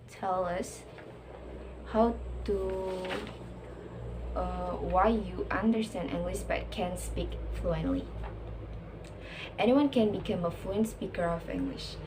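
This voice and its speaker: A young woman, a university student, carefully reading her summary assignment aloud from notes at a steady pace. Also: lowish voice, background noise.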